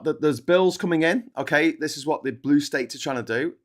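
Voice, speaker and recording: A man's voice: fairly high pitch, fairly quick. Sarcastic man hosting a talk show. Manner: sarcastic, swears freely, mocking asides. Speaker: political commentary host. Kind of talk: casual political chat show.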